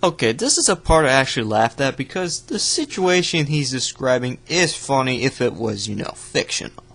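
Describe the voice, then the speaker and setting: A young man hosting a reaction video, giving sarcastic, profane commentary with loud outbursts. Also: medium pitch, big pitch swings, normal speed, gravelly.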